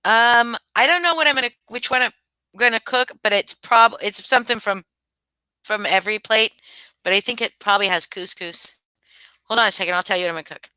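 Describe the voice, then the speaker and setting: A woman's voice: medium pitch, steady tone, a little fast, sharp tone, clear, resonant tone, no room sound, low-quality recording. A middle-aged woman from the United States hosting a casual livestream, chatting loosely and answering her chat with many restarts. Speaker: livestream host.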